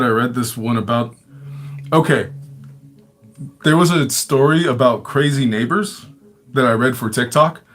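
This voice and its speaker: A man telling stories in a casual livestream chat, rambling and swearing, with lots of filler words and frequent laughter. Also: medium pitch. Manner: rambling and profane, many fillers; laughs often. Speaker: livestream storyteller.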